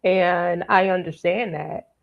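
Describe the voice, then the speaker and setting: Slow-talking woman, low and thoughtful. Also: steady tone, creaky. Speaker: podcast guest. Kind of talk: reflective conversation about grief. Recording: phone-like narrow audio.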